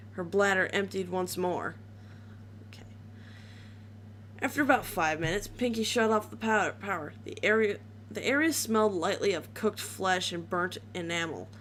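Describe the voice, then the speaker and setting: A woman's voice: mid-range voice, a bit bright, slight background noise. A woman reading a horror story aloud in a casual way, with small slips and restarts.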